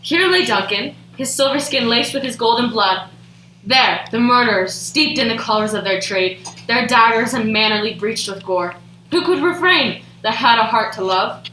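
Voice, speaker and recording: A woman's voice: a little high, animated, normal speed, pushed and bright, slight background noise. A woman playing a guilt-haunted, tormented male lord, declaiming earnestly in a school stage play. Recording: echoey stage.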